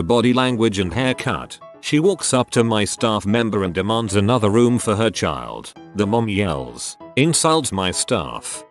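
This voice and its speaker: A man reading forum stories aloud as scripted narration, in a flat steady read-aloud way. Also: lowish voice. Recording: faint background music.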